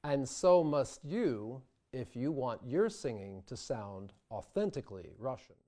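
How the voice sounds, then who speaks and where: A man narrating a diction lesson at an unhurried, deliberate pace. His voice is mellow and dark. He stops to sound out example words carefully. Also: mid-range voice, sing-song. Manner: measured, demonstrates word pronunciations. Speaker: diction instructor. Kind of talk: scripted instructional narration.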